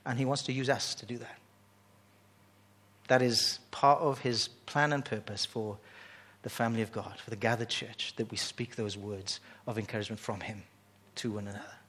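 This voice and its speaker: A man preaching a sermon in an animated way, often restarting phrases as he builds excitement. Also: fairly low pitch, normal speed.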